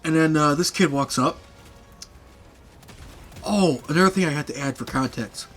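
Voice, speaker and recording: A man's voice: on the high side, moderate pace. A young man casually telling funny stories from his past, rambling with fillers and laughing often. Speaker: podcast host. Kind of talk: casual storytelling chat.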